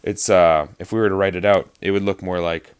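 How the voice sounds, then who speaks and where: A man's voice: low voice, fairly even intonation, fairly quick, clear, resonant tone. A man teaching actors about verse rhythm in a lecture, explaining patiently and counting out beats to show stress. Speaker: acting teacher.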